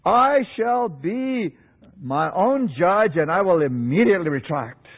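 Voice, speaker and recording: A man voicing a steadfast reformer monk who speaks in slow, firm declarations, on a dull lo-fi recording. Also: high-pitched, lively intonation, long reverb tail. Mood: resolute.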